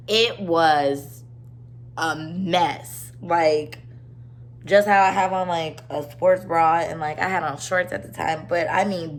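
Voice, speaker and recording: A woman's voice: lowish voice, fairly bright tone. A young woman at home, telling a personal story in a rambling, earnest way full of "like". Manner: rambling, earnest, heavy use of "like". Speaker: vlogger. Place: her own home.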